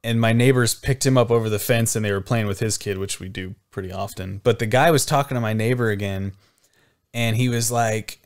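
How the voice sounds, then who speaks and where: A man's voice: on the low side, brisk, smooth. Swearing young man telling a story. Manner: animated, swears, acts out quoted voices. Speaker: podcast co-host. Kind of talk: casual storytelling.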